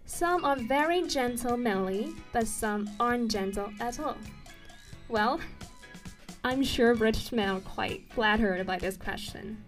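A woman's voice: on the high side, unhurried, faint music behind. A woman presenting an explainer video in an earnest narrating tone, now and then stumbling over a word and correcting herself.

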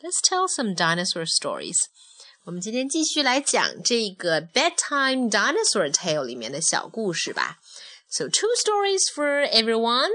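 A woman, reading a children's story aloud in a gentle, teacherly way and explaining words in Mandarin. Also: on the high side, huge pitch swings, moderate pace, dry recording. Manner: gentle, teacherly, switches between English and Mandarin. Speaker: host reading stories with a child.

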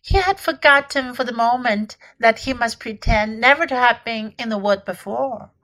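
A woman teacher reading a classic novel aloud for English learners in clear, measured storytelling. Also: fairly high pitch, fairly bright tone, rough recording.

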